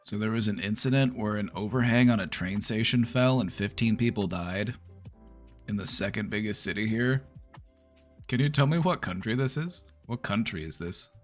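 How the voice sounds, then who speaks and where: A lower-pitched man hosting a relaxed chat stream, rambling easily and leaning on "like" as he talks. Soft music plays faintly underneath. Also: moderate pace. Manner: rambling, filler-heavy, easygoing. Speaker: streamer host. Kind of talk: casual chat.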